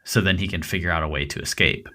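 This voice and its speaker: A man's voice: low-pitched, fast, pushed and bright. A man co-hosting a true-crime podcast, talking casually and rambling with lots of fillers and restarts. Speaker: podcast co-host.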